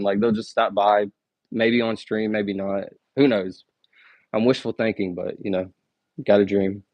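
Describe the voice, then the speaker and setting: A young man on a live stream reels off numbers at a quick clip, his voice low and fairly monotone. Between counts he chats casually with viewers, leaning on lots of "like"s. The sound is close and dry, with no room around it. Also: dry recording, highs cut off. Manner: rapid, low-key counting broken by chatty asides with many "like"s. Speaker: livestreamer.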